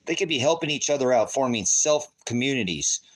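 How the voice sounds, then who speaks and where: A man's voice: mid-range voice, expressive, brisk, poor audio. Rambling, cussing man preaching online. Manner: rambling, rhetorical questions, profane outbursts. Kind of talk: casual livestream commentary.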